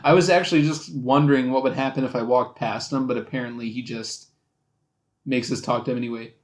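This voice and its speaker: A man's voice: medium pitch, steady tone, a little fast. A young man casually commenting while playing a video game, musing aloud with lots of fillers. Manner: rambling, musing, with fillers and laughs. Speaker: let's play host.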